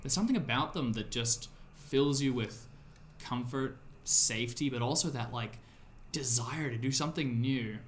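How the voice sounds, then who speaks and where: A man narrating as game master in a tabletop horror game, his pitch in the middle range for a man. He paints each scene at length, padding it with loose fillers, over a faint background hiss. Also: normal speed. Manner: descriptive, loose with fillers like "sort of".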